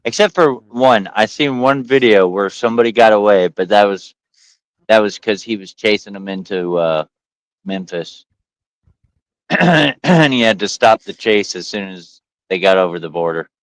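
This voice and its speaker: A podcast host tells stories in a smooth, fairly low voice at normal speed, animatedly acting out the voices of the people in them. The recording has no echo but poor audio quality.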